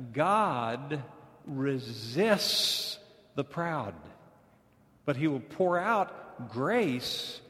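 Humorous conversational male pastor preaching. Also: on the high side. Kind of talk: sermon. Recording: long hall reverb.

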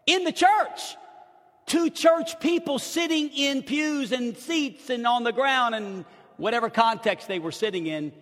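With a very high-pitched, unhurried voice, a middle-aged man preaches as pastor. He is impassioned, alternating loud outbursts with hushed asides and stammering as he restarts, all under long hall reverb.

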